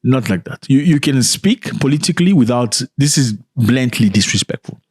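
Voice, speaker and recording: A man from Africa hosting a reaction commentary, animated and indignant, repeating lines for emphasis. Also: mid-range voice, normal speed, slightly rough, no echo, clean studio sound. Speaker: commentary channel host.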